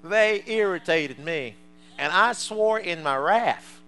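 A man voicing a grieved, wrathful dove as the Holy Ghost, speaking slowly and heavily. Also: sits high, expressive, bright, forceful tone, exaggerated voice.

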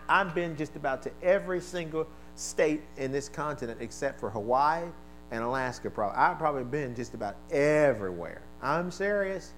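A male pastor preaching a sermon, leading call-and-response and swinging from quiet asides to shouted exclamations, originally from the American East Coast. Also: a little high, lively intonation, moderate pace, soft background music, low-quality recording.

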